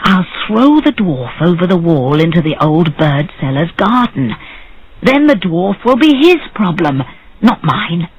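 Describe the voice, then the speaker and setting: A man's voice: high voice, big pitch swings, a little slow, slightly rough, dull audio, full character voice. A storyteller voicing a worried doctor who talks fretfully to himself and schemes his way out of trouble. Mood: scheming. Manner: anxious, scheming inner voice. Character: worried middle-aged male doctor.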